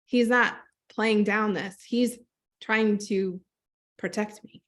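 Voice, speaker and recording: A woman coaching a group on a call, telling a personal story in a lively, conversational way and speaking straight to her listeners. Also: medium pitch, takes it slowly. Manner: animated storytelling, acts out quoted voices; conversational, direct address to listeners. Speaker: trauma-informed business coach.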